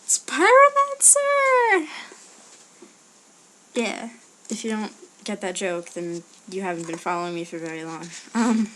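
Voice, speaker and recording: A woman's voice: on the low side, moderate pace, slight background noise. A young woman answering a list of questions in a casual, rambling audio post, with hesitant fillers and murmured asides. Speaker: blogger answering a question meme.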